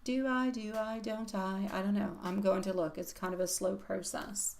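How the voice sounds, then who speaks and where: A woman's voice: mid-range voice, fairly even intonation, normal speed, gravelly, a little hiss or hum. A woman reading tarot on a live stream, chatty and affectionate, laughing often and calling viewers sweetie pie. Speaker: tarot reader.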